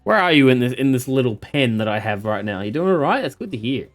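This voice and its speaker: A man streaming a game, chatting casually with viewers, animated and cursing freely. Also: medium pitch, fast talker, faint music behind. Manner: animated, swearing, laughing at the game. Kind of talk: casual live-stream chat.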